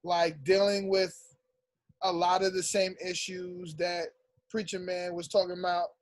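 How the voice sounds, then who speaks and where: Man, high voice, dry close sound, slangy, laughs a lot, casual podcast chat. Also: flat delivery, a little slow, no echo. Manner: laughs often, slangy and teasing. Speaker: podcast co-host.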